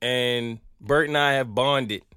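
This podcast host from the Southern United States speaks at a slow pace in a mid-range voice, riffing through a loose, comic monologue. He tells stories with animation and occasionally breaks into bits of songs. The recording is studio quality, clean in tone, with no echo.

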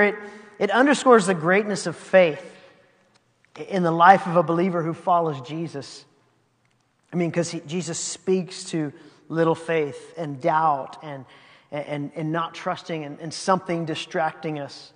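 A pastor with a high, light voice preaches a sermon at a measured pace, reading scripture aloud and then commenting on it conversationally. He breaks into laughing asides, and his words echo with a long reverb, as if in a large hall.

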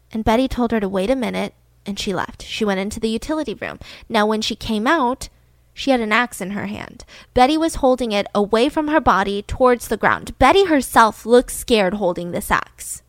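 A woman hosting a true-crime podcast, chatty and loose with her fillers. Her voice sits a little high, and the sound is dry and close to the mic. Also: lively intonation, a little fast, dry recording. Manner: chatty, with fillers like "like" and "you know". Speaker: podcast host. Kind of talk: casual true-crime storytelling.

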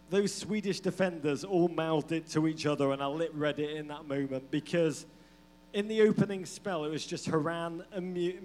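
High-voiced playful man. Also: a little mellow. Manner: playful, mock-dramatic storytelling with frequent laughs. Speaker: podcast co-host. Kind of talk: live comedic football podcast. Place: live show venue.

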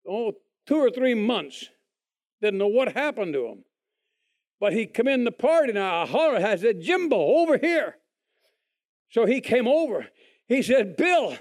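A man telling his testimony in a folksy, animated way, acting out other people's lines. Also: high-pitched, moderate pace, long pauses. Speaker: speaker giving a testimony. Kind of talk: testimony storytelling.

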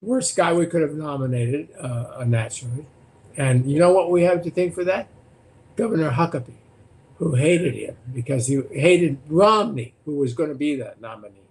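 An older man, a former political candidate, recounting debate stories as a guest in an animated way, often repeating words. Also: fairly high pitch, moderate pace. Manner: animated, repeats words and restarts, acts out quotes. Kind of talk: anecdotal storytelling in conversation.

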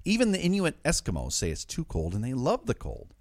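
A man hosting a comedy headlines show, cracking jokes with a voice that swings up and down a lot. His pitch sits in the middle for a man. He is recorded dry in a studio, with no room echo. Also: huge pitch swings, fairly quick. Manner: jokey, wisecracking delivery. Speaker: host. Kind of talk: comic news show hosting.

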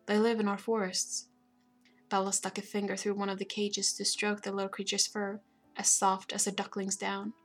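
A woman narrating a fantasy novel aloud in a steady, even reading voice. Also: mid-range voice, brisk, soft background music. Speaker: audiobook narrator. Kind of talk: scripted narration.

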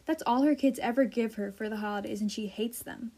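A blunt, knowing magic pencil speaks in a storybook reading, as a woman reads it aloud. The voice is matter-of-fact and a little grumpy, with a mellow tone and a fairly high pitch. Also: fairly quick.

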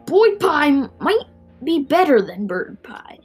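A spiteful old man snarls and gloats, his voice pushed a touch higher and rougher than plain speech, as a woman puts him on. He sounds greedy and cruel, every threat savoured, like a villain out of a children's storybook. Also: big pitch swings, slow pace, faint music behind, heavily acted. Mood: gloating. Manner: gloating, menacing.

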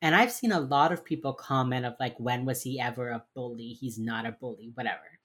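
Low husky woman, casual chat. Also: a little fast. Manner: animated, acts out characters' lines, swears freely. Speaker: podcast co-host recapping a TV crime drama.

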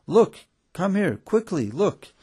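A man doing excited young students. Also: high voice, slow, slightly rough, pitched above the performer's own voice, full character voice. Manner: excited and exclaiming.

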